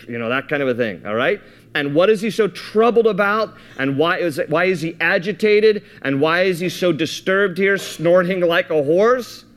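A man preaching a sermon, reading scripture aloud and explaining it in a casual, thinking-aloud way with frequent restarts. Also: a little high. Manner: reads scripture aloud, then explains it conversationally; repeats and restarts words while thinking aloud. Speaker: pastor.

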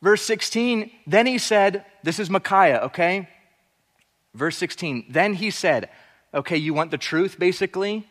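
A man delivering a sermon in a fairly high voice, preaching with emphasis and at times sinking to soft asides. His voice rings out with a long reverb, as from a large hall. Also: animated, unhurried. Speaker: pastor.

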